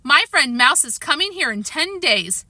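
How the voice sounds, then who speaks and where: Casting: woman voicing a high, bossy, gushing girl. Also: big pitch swings, moderate pace, bright, forceful tone, no room sound, full character voice.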